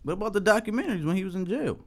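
A man's voice: high voice, expressive, very fast, a little mellow. A young man hosting a casual podcast, laughing often and trading profane, slangy banter. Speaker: podcast host.

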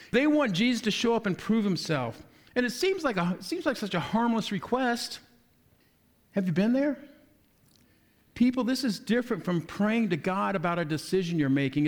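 In a laid-back, chatty sermon, a high-voiced male pastor reads a passage aloud and then breaks it down in everyday terms. He briefly performs the voices of the people in the story as he preaches.

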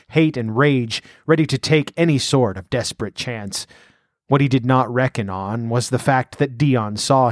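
Guy reading a fantasy audiobook, steady and measured, middle pitch, dead dry audio. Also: no echo. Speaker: audiobook narrator. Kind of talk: scripted narration of a pulp fantasy story.

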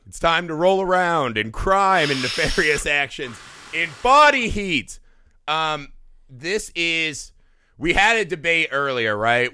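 Exuberant, animated male podcast host. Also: a little high, clean tone. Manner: exuberant, loud and joking, with swearing. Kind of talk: casual podcast banter.

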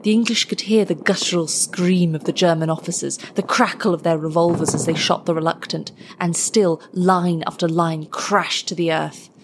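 A woman narrating a story in a measured, scripted storytelling delivery. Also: fairly low pitch, fairly even intonation, background noise.

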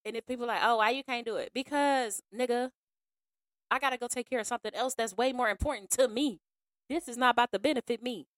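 A woman hosting a podcast in a casual monologue, frank and slangy, acting out other people in an animated way. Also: on the high side, fast talker, no room sound, studio quality. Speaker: podcast host.

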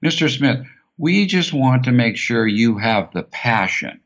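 A man's voice: medium pitch, big pitch swings, unhurried, a bit bright, muffled recording, exaggerated voice. A man putting on the voice of a polite, coaxing Italian factory worker while telling a story.

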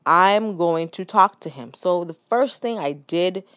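A woman's voice: fairly low pitch, expressive, a little slow, fairly bright tone, dry recording, studio quality. A woman in her thirties hosting a personal podcast, telling a story in a candid, reflective way with frequent restarts and asides. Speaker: podcast host.

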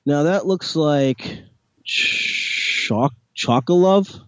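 A man's voice: on the high side, extremely slow, a bit bright. A man co-hosting a casual chat, chiming in with short, easygoing reactions. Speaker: co-host. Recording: dull lo-fi sound.

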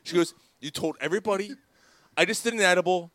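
A man's voice: high voice, quick pace, fairly bright tone, dry recording. A man co-hosting a casual sports talk show, telling a long story with lots of swearing and acting out the people he quotes. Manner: profane, rambling, acts out quoted dialogue. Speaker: podcast co-host. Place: studio.

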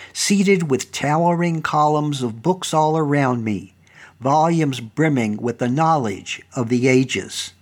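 A man hosting a show, narrating a first-person story in an earnest, conversational way. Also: fairly high pitch. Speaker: storytelling host and historical reenactor.

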